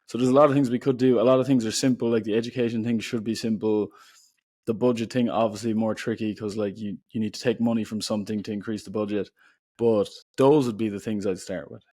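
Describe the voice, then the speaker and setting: A man's voice: lowish voice, quick pace, no echo. Chatty young Irish man, dry sound. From Ireland. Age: young adult. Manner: relaxed, chatty, many "like" fillers. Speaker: podcast guest, writer. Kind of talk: casual storytelling.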